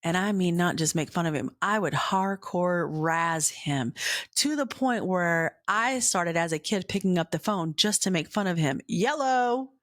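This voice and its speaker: An earnest woman hosting a faith podcast, speaking slowly in a lowish voice and slipping into hushed whispers for emphasis. The recording is dry and close, with no room sound. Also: dry recording. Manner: earnest, slow, drops into whispers. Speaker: podcast host. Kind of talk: personal faith storytelling.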